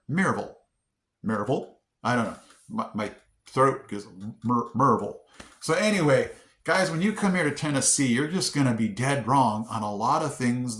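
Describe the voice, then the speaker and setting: A man chatting casually to his viewers, sounding out words haltingly with lots of fillers. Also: mid-range voice, reverberant. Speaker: vlogger. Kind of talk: casual chat to camera.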